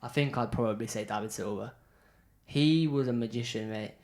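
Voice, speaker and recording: A man's voice: medium pitch, brisk, darkish tone. A man, co-hosting a casual football podcast, enthusiastic and calling his friend "mate". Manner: chatty, says "mate" a lot, enthusiastic. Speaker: podcast co-host.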